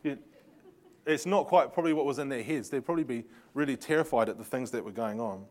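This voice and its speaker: A man teaches a Bible lesson using slides, telling the story with energy, laughing asides and sarcastic comments. His voice is medium in pitch and he speaks fast.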